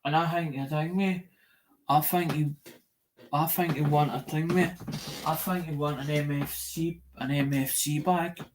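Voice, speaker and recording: A man's voice: a little high, steady tone, a little slow, noisy background. A man hosting a livestream, talking in a rambling, repetitive way, swearing often and losing track of his words. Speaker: livestream host. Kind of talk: rambling casual livestream chat.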